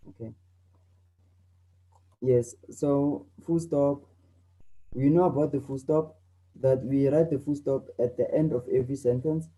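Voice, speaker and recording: A teacher leads an online class. The voice is warm and mellow, calm most of the time. It jumps up loud and high when acting out an example exclamation, then settles back to frequent "okay?" checks. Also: low-quality recording. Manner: acts out exclamations loudly, tags lines with "okay?".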